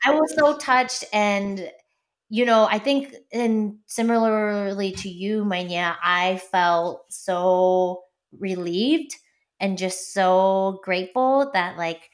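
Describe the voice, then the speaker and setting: A woman's voice: mid-range voice, fairly even intonation, slow. Supportive young woman chatting. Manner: supportive, frequent backchannels. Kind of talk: casual chat.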